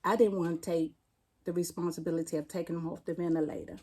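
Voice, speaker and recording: Mellow-voiced D.C. woman recounting her loss. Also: fairly low pitch, steady tone, slightly rough. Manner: plainspoken, halting, retelling a painful loss. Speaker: interview guest, firefighter. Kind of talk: personal storytelling in an interview.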